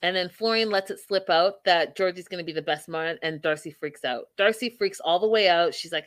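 A woman's voice: on the low side, a little fast, hardly any pauses, fairly bright tone. Woman host, chatty and opinionated, for a casual live reality-TV recap. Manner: chatty and opinionated, many fillers.

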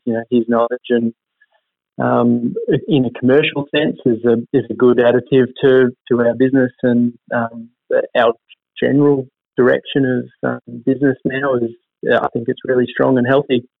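Gravelly man on a phone line. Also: mid-range voice, level tone, dry recording. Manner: hesitant, many fillers and restarts; upbeat, measured. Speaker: racing team manager. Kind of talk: interview answers.

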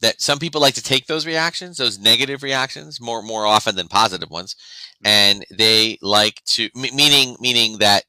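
A podcast co-host chats casually, rambling, restarting often, and acting out how other people reacted. His medium-pitched voice is bright and forceful at a normal pace, in a dry, rough recording.

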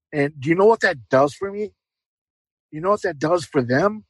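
A man's voice: fairly high pitch, lively intonation, normal speed, slightly rough, no echo, rough recording. A middle-aged man giving an earnest, heartfelt personal testimony as an interview guest, repeating phrases for emphasis.

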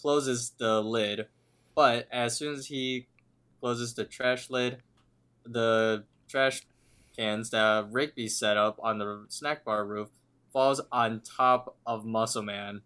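A man's voice: medium pitch, fairly even intonation, slow, fairly bright tone, clear, resonant tone. Man casually recapping a cartoon episode. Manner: retells scenes at length, reading lines out. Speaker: podcast co-host.

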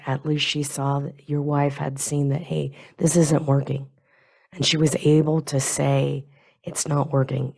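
A woman's voice: low-pitched, vocal fry, darkish tone, husky. A woman hosting a talk show, responding reflectively and affirmingly to her guest. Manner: reflective, affirming, with small restarts. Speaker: podcast host. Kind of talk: reflective conversation.

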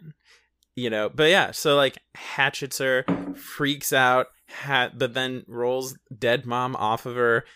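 A man's voice: mid-range voice, fairly even intonation, takes it slowly, pushed and bright, clear, resonant tone, no room sound. A man co-hosting a casual chat about a film, rambling through the plot, swearing freely and laughing often. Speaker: podcast co-host.

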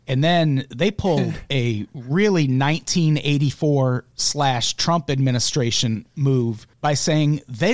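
A man's voice: medium pitch, no room sound, studio quality. Sarcastic man riffing on the news. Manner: sarcastic, profane, laughs mid-sentence. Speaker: podcast host. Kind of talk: casual comedic news chat.

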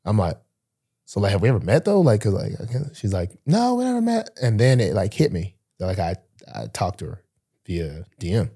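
Slightly rough with vocal fry, this young podcast host talks a little fast. A pro football player, he tells a story casually and acts out each character's lines with dramatic leaps in pitch.

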